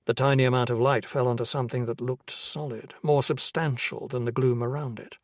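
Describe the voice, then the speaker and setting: A man narrates a crime thriller in a steady, measured way. His voice is husky, at an everyday pitch for a man. The recording is dry, with no room sound. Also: no room sound. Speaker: audiobook narrator. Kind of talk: scripted narration.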